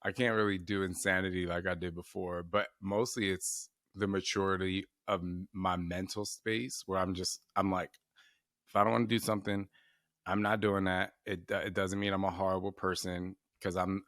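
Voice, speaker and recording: A man in his forties hosts a podcast in a very low, deep voice, recorded dry and close. He chats casually and laughs between phrases. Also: level tone, moderate pace, a bit bright, no echo. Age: 40s. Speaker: podcast host. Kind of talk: casual conversational interview.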